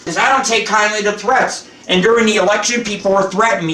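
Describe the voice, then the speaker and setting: Profane rambling man, bright and echoey. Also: high-pitched, steady tone, quick pace, few pauses, far from the mic. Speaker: show host. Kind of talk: rambling live cooking show chat. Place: home kitchen. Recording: roomy echo, off-mic.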